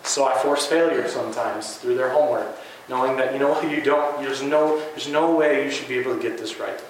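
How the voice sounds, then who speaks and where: This man teaches and coaches basketball, and he's giving an earnest, conversational talk to fellow educators. His mid-range voice moves fairly quickly, with plenty of fillers and restarts. The room is very echoey, with slight background noise and faint ambience.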